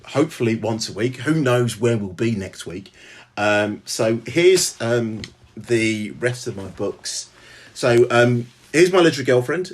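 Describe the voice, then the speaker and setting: Chatty Birmingham-accented man on a live stream. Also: fairly low pitch. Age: middle-aged. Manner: halting, filler-heavy, greets viewers by name. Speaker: author hosting a live stream. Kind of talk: casual live-stream chat.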